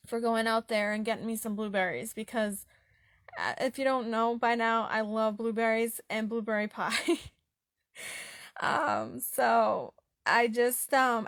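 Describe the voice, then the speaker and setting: A young woman speaks in a somewhat high voice, earnest and encouraging. She hesitates often with ums and pauses, and her emotion shows through. The sound is dry and close. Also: a bit bright, no room sound. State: getting emotional. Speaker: author. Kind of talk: heartfelt personal talk.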